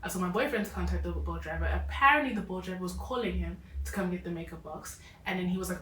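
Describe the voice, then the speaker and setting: A woman telling a story at a rapid clip, animated and emphatic. She sits off mic in a roomy space. Faint noise runs underneath. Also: fairly low pitch, recorded from a distance. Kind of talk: casual chat.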